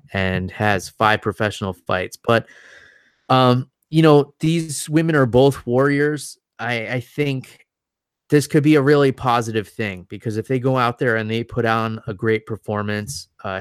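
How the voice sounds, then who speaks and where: A man's voice: mid-range voice, smooth, no echo, clean studio sound. A man co-hosting a casual mixed martial arts chat, previewing upcoming fights with enthusiasm and the odd swear word. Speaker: MMA podcast co-host.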